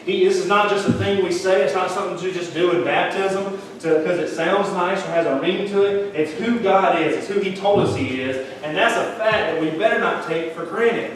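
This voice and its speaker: A man's voice: high voice, moderate pace, few pauses, a little hiss or hum. A man, a pastor giving a folksy, conversational sermon in a church. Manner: folksy, conversational preaching with Southern phrasing. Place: church sanctuary. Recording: echoey church hall, mic at a distance.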